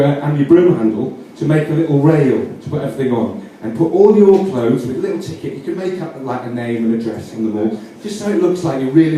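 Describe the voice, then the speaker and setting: A man's voice: medium pitch, dark tone. A man with a Yorkshire accent giving mock-earnest, rambling comic instructions, often correcting himself mid-sentence. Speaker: comedian. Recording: roomy echo, distant mic, faint noise.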